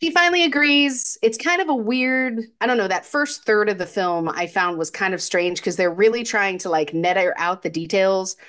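A woman's voice: mid-range voice, normal speed, few pauses, fairly bright tone. A woman chatting casually on a podcast about a classic film. She rambles with fillers and restarts and laughs often. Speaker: podcast co-host.

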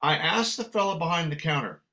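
Older man telling a lively story. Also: fairly high pitch, a little fast. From San Francisco, USA. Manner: animated anecdote telling with acted dialogue. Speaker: guest musician. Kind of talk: storytelling in conversation.

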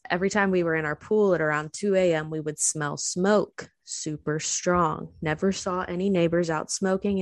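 A woman's voice: sits low, dry recording. A young woman streaming, chatting casually and telling a story, swearing and laughing often. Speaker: livestreamer telling stories to chat.

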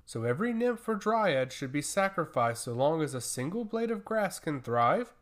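A man's voice: fairly high pitch, very animated, normal speed. A man voicing a fierce god-touched woman, stern, sarcastic and harsh in her accusations. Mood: stern scorn.

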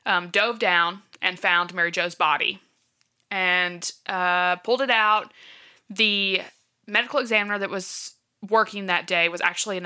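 A woman's voice: fairly low pitch, sharp tone. A woman casually retelling a true-crime case from her notes, with many fillers like "um" and "like". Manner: chatty, filler-heavy, checks her notes. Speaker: podcast co-host.

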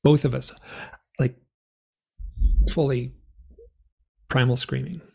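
Gravelly-voiced man telling a rambling story. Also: mid-range voice, takes it slowly. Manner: rambling, animated, lots of fillers. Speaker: guest author and experiencer. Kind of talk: storytelling in an interview.

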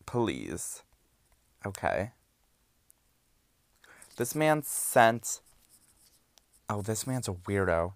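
Low, smooth young man reading deadpan. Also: drawn-out words, pauses often, no echo. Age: young adult. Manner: low-key, dry deadpan reading with sassy asides. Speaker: podcast host. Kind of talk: candid reading of hookup-app messages.

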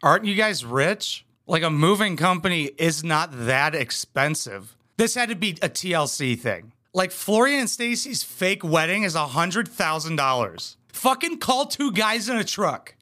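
Sarcastic young man, bright voice. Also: a little high, very animated, unhurried, few pauses. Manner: crude, sarcastic, mocking. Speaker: commentary host. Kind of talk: reaction commentary.

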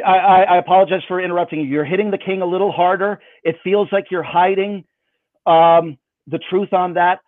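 A man's voice: high-pitched, fairly even intonation, fairly quick, dry recording. A man performing magic for someone over a video call, with playful, self-mocking patter. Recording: dry, phone-like band.

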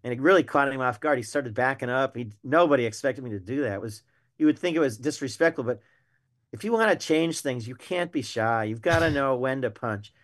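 A man's voice: medium pitch, a little fast. An older man, a retired wildlife biologist telling stories emphatically as a podcast guest. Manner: animated anecdotal storyteller, emphatic. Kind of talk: storytelling in a podcast interview.

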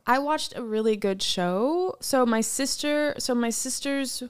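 A woman's voice: on the high side, measured pace, clean tone. A woman chatting casually as a podcast co-host, rambling with many fillers, restarts and casual swearing. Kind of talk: casual chat.

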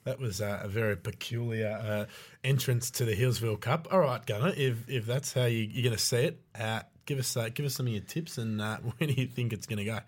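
An Australian man hosting a casual racing podcast, keeping things moving with a teasing, jokey manner. His voice sits at an ordinary middle pitch. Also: a little fast. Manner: jokey, steering the conversation. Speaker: podcast host.

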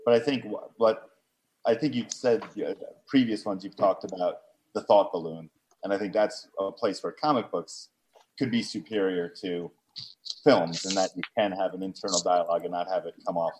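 A man's voice: sits low, steady tone, moderate pace, a little mellow, a little hiss or hum, low-quality recording. A man in a casual panel chat who talks at length in long, thoughtful run-on turns.

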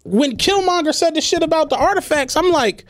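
Man, podcast co-host, animated storyteller, high voice, dry close sound. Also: brisk, no room sound. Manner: animated storytelling, profane, acts out quotes. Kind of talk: casual podcast chat.

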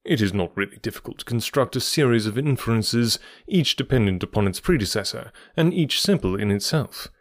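A precise, faintly superior detective walks through his reasoning like a professor at a lectern, as a man reads him in a storybook audiobook. The voice sits in a middling low register. The recording is close and dry, with no room sound. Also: lively intonation, no room sound, natural voice. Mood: lecturing. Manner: measured, faintly superior lecturing tone. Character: sharp, lecturing male detective, cool and precise.

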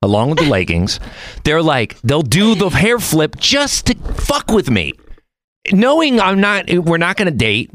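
A man's voice: a little high, wildly swooping pitch, measured pace, a bit bright. A man hosting a podcast, chatting casually in a blunt, profane, joking way. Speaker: podcast host. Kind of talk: casual chat.

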